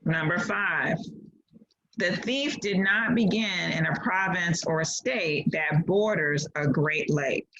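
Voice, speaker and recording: Playful teacher, low woman, lo-fi call. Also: takes it slowly, fairly bright tone. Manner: playful, encouraging, laughs often. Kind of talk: online class lesson. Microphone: video call. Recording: dull lo-fi video call audio.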